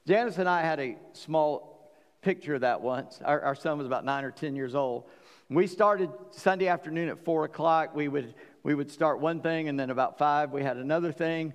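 A middle-aged man preaching a sermon, telling stories with joking asides and swinging between loud and quiet. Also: mid-range voice, clean tone. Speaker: pastor. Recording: long hall reverb.

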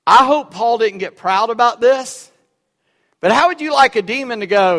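A man with a fairly high voice preaches a sermon in a church. He swings from loud, emphatic lines to quiet, wry asides, and the sound rings out with the long reverb of a large sanctuary. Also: moderate pace. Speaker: pastor. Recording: echoey hall with long reverb.

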